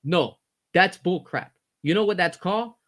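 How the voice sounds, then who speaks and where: A man with a somewhat high voice delivers a heated, blunt rant. He swears freely and repeats phrases to drive his point home. His fed-up tone stays intense throughout. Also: normal speed, fairly bright tone. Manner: fired-up, blunt, swearing, repeats himself for emphasis. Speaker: commentary host.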